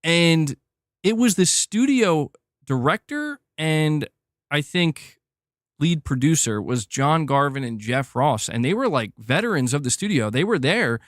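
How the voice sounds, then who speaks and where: A man hosting a livestream, ranting in a heated, animated way and swearing freely while reading chat. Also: on the high side, a little slow, no room sound, clean studio sound. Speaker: streamer host. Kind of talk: casual livestream rant.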